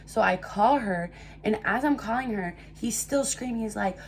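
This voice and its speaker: Young woman telling an animated storytime. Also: fairly high pitch, normal speed, slight background noise. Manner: animated storytelling with heavy swearing. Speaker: storytime vlogger. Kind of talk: casual storytime monologue.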